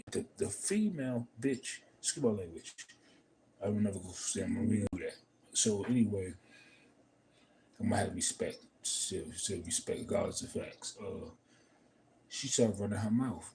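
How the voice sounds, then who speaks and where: A man in a casual livestream monologue, telling a story in a profane, emphatic and rambling way. He swings between loud outbursts and low mutters. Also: a little hiss or hum, low-quality recording. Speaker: livestream host.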